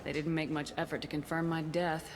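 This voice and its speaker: A woman's voice: sits low, flat delivery, a little fast, a little hiss or hum, natural voice. A woman playing a dry, terse starship commander.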